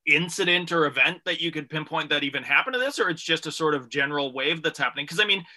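A male podcast co-host with a high, very bright voice. He poses rambling, filler-heavy questions to a panel of comedians in a casual chat. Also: fast. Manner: long, winding questions with many fillers.

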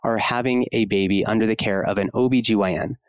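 A man's voice: lowish voice, steady tone, quick pace, clean tone, no echo. Man, podcast guest, impassioned, frank, casual, dry close sound. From United States. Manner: passionate, frank, casual with swearing and fillers. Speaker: podcast guest, obstetrician-gynecologist. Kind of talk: conversational podcast interview.

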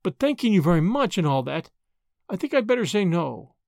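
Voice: medium pitch, very animated, fairly quick, gravelly, darkish tone, no room sound, clean studio sound. A reader voicing a spirited, frank young woman in an audiobook, snappy and emotional. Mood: flustered. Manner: snappy, emotional, talks to herself. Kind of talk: audiobook character voice.

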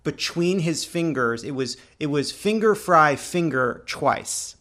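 A man's voice: fairly high pitch, animated, takes it slowly, a bit bright. Laughing storytelling man. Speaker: podcast co-host. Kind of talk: casual chat.

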